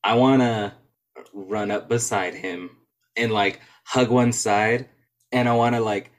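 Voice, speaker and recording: Lower-voiced playful player man. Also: steady tone, slow. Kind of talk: casual tabletop play.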